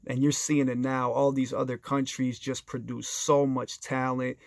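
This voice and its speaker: A man's voice: mid-range voice, little pitch movement, moderate pace, gravelly, dry recording. Enthusiastic man telling stories, dry sound. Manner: enthusiastic, conversational, addresses listeners directly; briefly acts out other people's voices in quoted dialogue. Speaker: storyteller sharing basketball anecdotes. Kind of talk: casual storytelling monologue.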